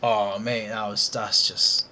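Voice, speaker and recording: A young British man with a fairly low voice speaks slowly in a level yet bright, forceful tone, with a little hiss or hum in the recording. A trading streamer, he narrates live trades and mutters slangy, frustrated asides to himself.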